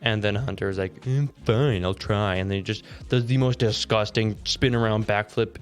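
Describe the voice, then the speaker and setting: A young man co-hosting a podcast, rambling and joking through animated stories in casual chat. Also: lowish voice, brisk, faint music behind. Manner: rambling, jokey, animated storytelling. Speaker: podcast co-host.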